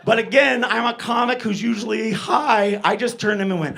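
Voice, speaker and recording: A man's voice: sits high, fast, gravelly, hardly any pauses, sharp tone. A middle-aged man doing a stand-up set, rambling and profane, laughing at his own jokes. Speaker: stand-up comedian.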